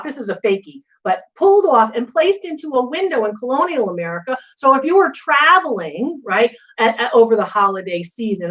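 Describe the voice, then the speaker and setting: A middle-aged woman hosting a live antiques Q&A, chatting casually and telling animated stories full of asides. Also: fairly high pitch, rough recording. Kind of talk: casual live-stream chat.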